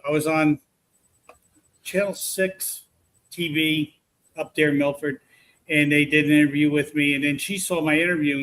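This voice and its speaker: A man casually telling a long, rambling story about his paranormal investigations, full of restarts. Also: on the high side. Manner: rambling, animated retelling with restarts.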